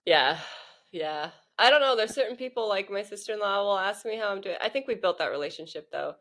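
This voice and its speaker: A woman's voice: mid-range voice, expressive, a little fast, fairly bright tone. A woman co-hosting a podcast in casual chat with her sister, often unsure and trailing off, giggling. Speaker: podcast co-host.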